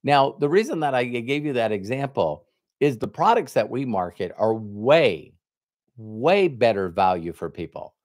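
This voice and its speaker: This middle-aged man, a network marketing trainer, speaks at medium pitch and normal speed, his slightly mellow voice very animated. His motivational business talk centers on a story in which he plays both people in a retold conversation. The sound is dry and clean, recorded in a studio.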